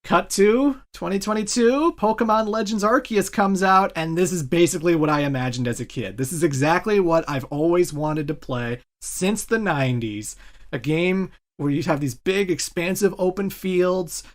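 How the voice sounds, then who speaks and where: A man's voice: high voice, moderate pace. A man in his thirties co-hosting a podcast, chatting casually and eagerly about video games. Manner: enthusiastic, rambling gamer talk. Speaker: podcast co-host. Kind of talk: casual chat.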